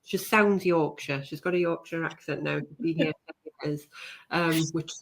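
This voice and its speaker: A woman's voice: deep voice, steady tone, moderate pace, creaky, slight background noise. A woman from hosting a podcast, chatting casually with a rambling, agreeable manner. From North East England. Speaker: podcast host.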